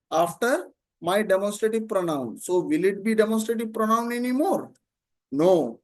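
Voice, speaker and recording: A man teaching an online grammar class, explaining slowly, repeating terms and often checking "Okay?". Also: high-pitched.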